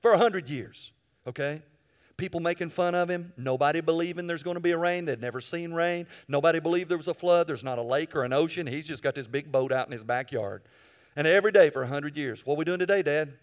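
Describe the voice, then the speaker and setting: A man preaching a sermon in a folksy way, acting out the quotes and building to loud, emphatic peaks. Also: fairly high pitch, brisk. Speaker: pastor.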